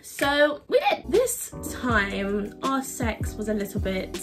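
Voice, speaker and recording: A woman's voice: fairly high pitch, wildly swooping pitch, slow. A young woman telling a candid, crude and self-mocking story-time vlog, with music playing behind. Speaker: vlogger. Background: background music.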